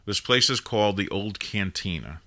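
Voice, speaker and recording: A man in his fifties spins a rambling anecdote as host of a call-in show. His lowish voice swings up and down with animated emphasis, and his tone is hard and forceful, with many "now" and "you know" asides. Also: normal speed. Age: 50s. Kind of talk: casual anecdotal storytelling.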